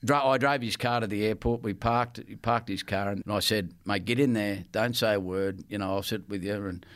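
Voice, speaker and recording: A man's voice: on the low side, steady tone, normal speed, fairly bright tone. Laughing Australian man telling stories. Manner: laughing, rambling with restarts. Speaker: guest, former player. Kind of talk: storytelling in casual chat.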